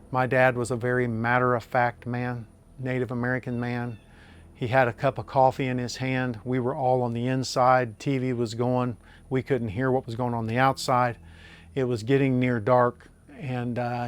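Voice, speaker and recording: Older man telling a story. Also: mid-range voice. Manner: earnest, drawn-out storytelling with many uh fillers. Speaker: landowner interviewee. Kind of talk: storytelling interview.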